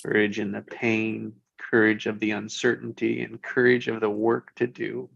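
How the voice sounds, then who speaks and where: A man in a casual group chat, reflective and measured, laying out his thoughts in lists. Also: lowish voice, completely flat delivery, gravelly, fairly bright tone, husky, dry recording. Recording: dull lo-fi dry sound.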